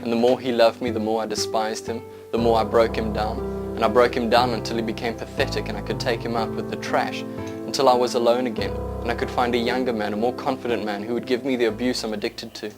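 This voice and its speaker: A man voicing a broken middle-aged mother who confesses in a hushed, low voice. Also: little pitch movement, fast talker, close to an everyday voice. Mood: confessing. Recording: voice over loud background music.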